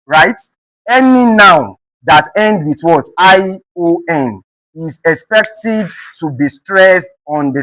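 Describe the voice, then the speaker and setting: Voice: medium pitch, a bit bright, no room sound, low-quality recording. A teacher with a Nigerian accent giving an exam-prep English lesson, often asking "what?" and answering the question, and spelling words out letter by letter. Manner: keeps asking the class "what?" and then answering it; spells words out letter by letter and repeats them slowly.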